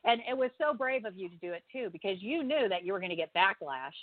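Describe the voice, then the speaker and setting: A woman's voice: medium pitch, lively intonation, quick pace, no room sound. Woman interviewer on a dry phone line. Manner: sympathetic, encouraging.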